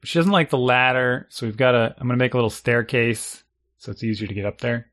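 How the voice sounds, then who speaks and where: A man's voice: medium pitch, fairly even intonation, fairly quick, fairly bright tone. A man chatting casually, telling wry, self-deprecating stories about parenting. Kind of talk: casual chat.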